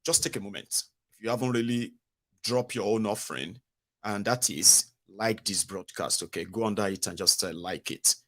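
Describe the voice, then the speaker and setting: Animated Nigerian man hosting commentary. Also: lowish voice, normal speed. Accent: Nigerian, with Pidgin. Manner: animated, jokey, mixes Pidgin into English. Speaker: radio and online commentary host. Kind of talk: casual political commentary.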